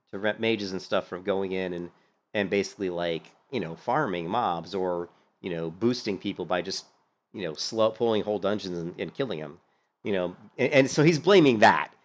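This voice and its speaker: A man giving casual, rambling gaming commentary, animated, with lots of fillers and some swearing. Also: fairly low pitch. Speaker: gaming streamer commentating on a hardcore game run.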